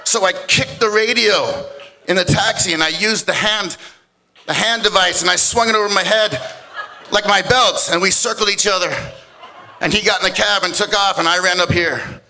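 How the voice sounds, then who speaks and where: A man voicing his easygoing young friend, a lover not a fighter, telling his side in a relaxed, matter-of-fact way. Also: high voice, moderate pace, a little hiss or hum, pitched above the performer's own voice, exaggerated voice, low-quality recording. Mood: sheepish pride.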